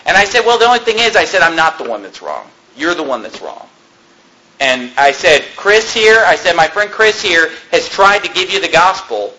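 A man's voice: on the high side, sing-song, moderate pace, bright, forceful tone, a little hiss or hum. A male pastor telling a story from the pulpit in an emphatic, conversational way, chuckling now and then. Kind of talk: sermon storytelling. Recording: echoey room.

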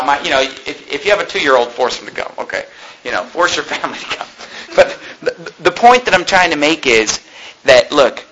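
A young man preaching a fiery sermon, joking one moment and shouting the next. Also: fairly high pitch, noisy background. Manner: impassioned, swings between joking and shouting.

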